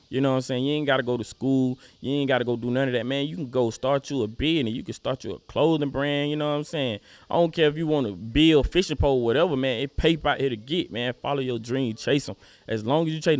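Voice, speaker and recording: A man's voice: mid-range voice, dry recording. A young man with a Southern US accent, a rapper talking casually as an interview guest, laid-back and full of "you know what I'm saying".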